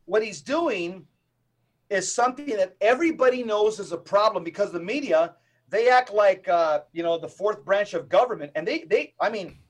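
Middle-aged guy on a podcast, really high voice, preachy and emphatic, piles up lists. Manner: emphatic, rapid lists and repetitions. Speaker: guest, Catholic evangelist.

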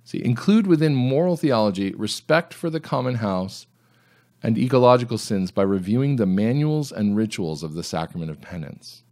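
A man's voice: lowish voice, animated, normal speed, a little mellow. A man hosting a solo commentary podcast, reading items aloud and answering them with sarcastic, mocking asides. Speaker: podcast host.

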